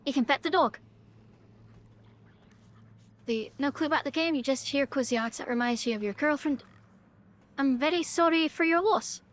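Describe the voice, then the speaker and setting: A woman's voice: high voice, moderate pace, long pauses, fairly bright tone. A woman with a Northern Irish accent, chatting and swearing casually while streaming a game live. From Northern Ireland. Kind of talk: live gameplay commentary.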